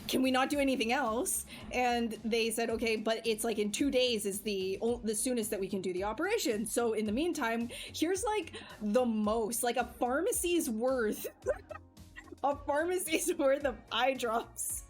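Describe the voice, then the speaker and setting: Woman, high voice, casual livestream chat, animated storytelling, faint music behind. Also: measured pace. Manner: animated storytelling, frequent laughing, filler-heavy. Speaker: livestream artist. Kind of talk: casual chat while streaming.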